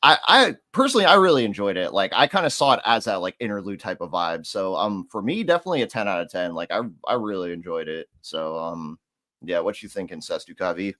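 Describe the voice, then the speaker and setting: A man co-reviewing a track on a livestream, rambling with many halting fillers. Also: deep voice, very animated, pushed and bright. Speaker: co-host reviewer. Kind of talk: casual livestream music critique.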